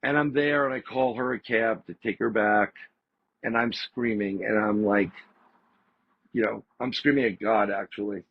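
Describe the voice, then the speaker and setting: A man, a podcast guest, telling a story in a casual, animated way and repeating phrases for emphasis. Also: on the low side, moderate pace, husky, no echo. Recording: slightly dull lo-fi audio.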